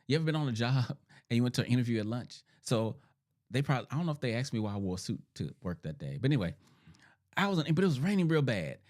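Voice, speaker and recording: A middle-aged man, a therapist hosting a podcast, teaching in a monologue with emphatic repetition and frequent "right?" checks, a little sick and clearing his throat. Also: mid-range voice, big pitch swings, fast talker, darkish tone.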